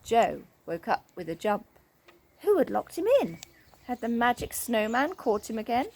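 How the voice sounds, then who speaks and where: Animated woman reading a children's story. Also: on the high side, moderate pace. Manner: expressive and animated. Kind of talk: children's story read-aloud.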